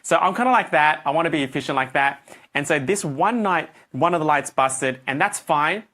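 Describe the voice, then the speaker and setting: A man's voice: a little high, brisk. A middle-aged man coaching a group, telling a story and acting out his own reactions. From Australia. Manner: animated, acts out his own reactions and voices.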